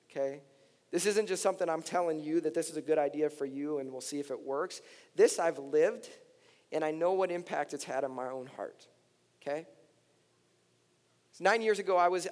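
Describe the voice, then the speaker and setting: A middle-aged male pastor preaching a sermon, earnest and impassioned, his voice climbing high when he pleads. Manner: impassioned, rising to near-shouted pleas in emotional passages. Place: large church hall. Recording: reverberant church hall with soft music.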